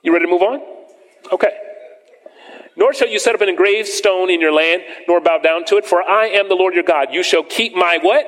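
A man preaching a sermon to a congregation, reading scripture slowly and emphatically and asking the listeners questions. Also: sits high, fairly bright tone. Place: church sanctuary with congregation. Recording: long hall reverb.

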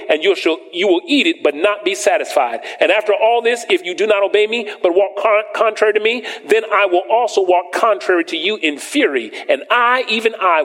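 A man preaching a sermon to a congregation, reading scripture slowly and emphatically and asking the listeners questions. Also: high-pitched, a bit bright. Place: church sanctuary with congregation. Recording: long hall reverb.

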